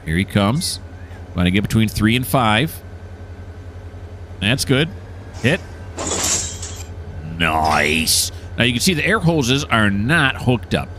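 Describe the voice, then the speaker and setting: Guy with a real deep voice chatting through a train sim, excited, explains everything he clicks, faint game hum behind. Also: slow pace, long pauses. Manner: enthusiastic, explains each step as he plays. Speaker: gameplay streamer. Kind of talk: casual gameplay commentary.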